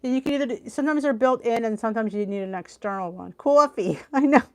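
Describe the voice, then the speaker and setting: A woman's voice: fairly high pitch, racing, a little mellow. A middle-aged woman with a Philadelphia accent, hosting a live stream and chatting with viewers, laughing often. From Philadelphia area, US. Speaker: weight loss channel host.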